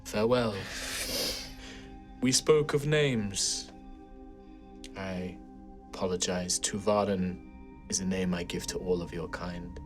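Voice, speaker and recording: A man voicing an ancient, mysterious mage, slow, low and solemn. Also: soft background music.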